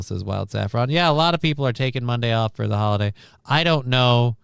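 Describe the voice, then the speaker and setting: A man riffs through the news on his stream with a gravelly, creaky edge over a smooth, resonant tone. He rambles and swears with dry sarcasm, and the recording is close and dead. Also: mid-range voice, expressive, fairly quick, no room sound. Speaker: livestream news host. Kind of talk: casual news chat.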